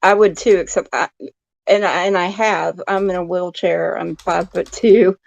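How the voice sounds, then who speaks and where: A woman's voice: lowish voice, steady tone, normal speed, gravelly, no room sound. Joking woman on a dry, muffled line. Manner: self-deprecating and joking. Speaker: caller on a live stream. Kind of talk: casual chat.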